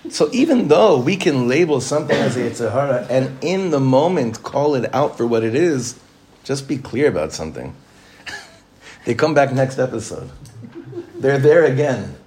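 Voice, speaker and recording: A rabbi leads an informal class in a middle-pitched male voice. He speaks in a conversational way, circles back over his own phrases for emphasis and often breaks into a chuckle. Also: expressive, moderate pace, a little mellow, a little hiss or hum.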